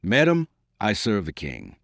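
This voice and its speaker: A man reading the lines of a calm, dignified nobleman in an audiobook. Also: on the low side, measured pace, vocal fry, no room sound, clean studio sound, exaggerated voice. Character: dignified proud nobleman, calm, middle-aged.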